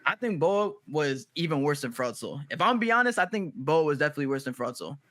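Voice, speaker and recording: Bright-voiced blunt young man. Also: on the high side, lively intonation, quick pace. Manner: heated, blunt, swears freely. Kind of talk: casual chat.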